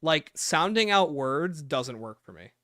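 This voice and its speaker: A man's voice: a little high, sing-song, measured pace, sharp tone, no echo, studio quality. A man casually chatting and joking on a livestream as the streamer, thinking aloud as he talks.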